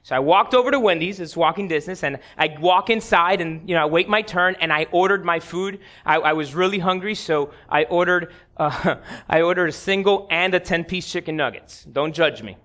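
This pastor's sermon comes in a sharp, fairly high voice at a moderate pace. He recounts something from his own life with candid humor, talking straight to the congregation.

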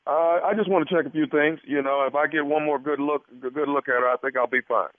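A man's voice: a little high, fairly even intonation, fast, dry recording, natural voice. A man playing a smarmy, creepy doctor on a prank phone call, hesitant and stammering with many restarts. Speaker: prank caller. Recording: tinny phone line.

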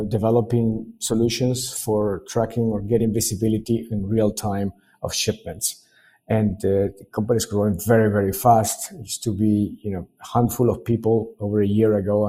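Husky low-voiced middle-aged man from Peru. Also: level tone, warm tone. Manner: measured, hesitant, with fillers and restarts. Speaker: guest, sales director. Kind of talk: casual interview chat.

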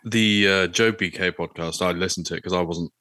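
A man's voice: low-pitched, fairly even intonation, fairly quick, sharp tone, no room sound. A man, a podcast co-host, chatting as a guest in a joking, cheeky way. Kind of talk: casual podcast interview.

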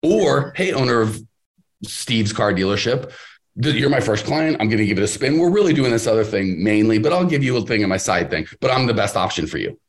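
This is a man talking business on a podcast, quick and punchy, his low voice swinging up and down as he argues his point. He acts out the other people in his stories as he goes. It is loose, emphatic conversation rather than a prepared speech. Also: lively intonation. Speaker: podcast host and business coach. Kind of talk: casual podcast advice.

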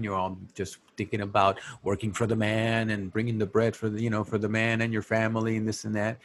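A man co-hosting a podcast, chatting casually and emphatically about a movie. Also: lowish voice. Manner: emphatic, joking. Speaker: podcast co-host.

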